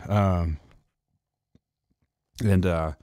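A young man ranting on his stream in a low voice, sarcastic and swearing freely with drawling asides. The sound is dry and close, with no room echo. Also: steady tone, extremely slow, mellow. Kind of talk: casual profane rant.

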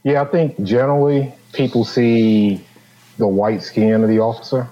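A man's voice: medium pitch, level tone, normal speed, muffled recording, a little hiss or hum. A man talking in a casual panel discussion, explaining his views thoughtfully and at length. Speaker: comedian guest.

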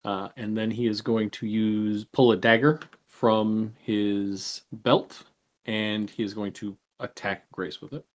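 Slow, low-voiced man running the game. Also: flat delivery. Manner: measured, explains rules with fillers. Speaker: game master.

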